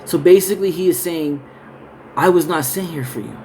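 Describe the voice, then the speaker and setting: A man reading Bible verses slowly, then explaining them in a loose, conversational way with casual asides. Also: fairly high pitch, darkish tone, slight background noise, poor audio. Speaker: Bible teacher. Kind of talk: scripture reading and casual Bible study talk.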